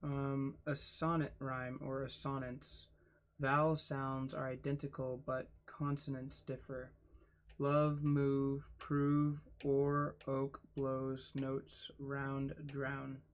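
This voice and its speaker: A man reading a book aloud for his channel, spelling out words letter by letter and adding quiet asides. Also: medium pitch, monotone, slow. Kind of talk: casual read-aloud.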